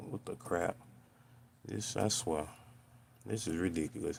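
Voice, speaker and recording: A man with a deep, gravelly voice hosts a casual live stream from home, chatting with viewers and ranting in an animated, exasperated way full of slang.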